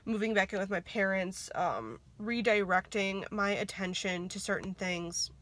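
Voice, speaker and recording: A woman's voice: medium pitch, a little slow, fairly bright tone. A young woman talking to camera in a candid, reflective vlog, swearing freely and laughing at herself. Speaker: vlogger. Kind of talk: reflective casual talk to camera.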